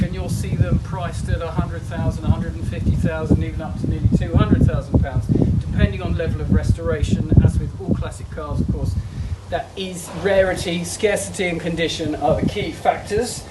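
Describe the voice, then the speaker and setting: A man's voice: sits high, background noise. A man presenting items for an auction sale in a sale room, chatty, jokey and enthusiastic as he walks through the lots. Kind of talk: casual sale preview walkthrough. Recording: echoey room, mic at a distance.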